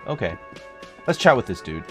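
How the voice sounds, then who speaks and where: A man's voice: mid-range voice, sing-song, normal speed, a bit bright, soft background music. Wry man narrating his gameplay. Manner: wry, thinks aloud, reads in-game text aloud. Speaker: let's play host. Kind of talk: casual gameplay commentary, reading game text aloud.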